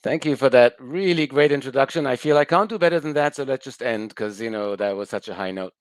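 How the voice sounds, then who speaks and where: A man's voice: medium pitch, fast, smooth, no room sound. A man from the UK with a mixed British and American accent, a psychologist guest explaining things in a wry, thoughtful way. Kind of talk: conversational interview.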